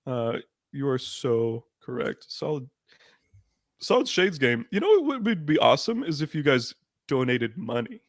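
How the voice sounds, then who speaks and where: A man's voice: medium pitch, very animated, a little slow, no room sound, clean studio sound. A man co-hosting a casual live-streamed wrestling podcast, rambling and swearing, with many fillers and restarts. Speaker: podcast co-host. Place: room by candlelight. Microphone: handheld microphone.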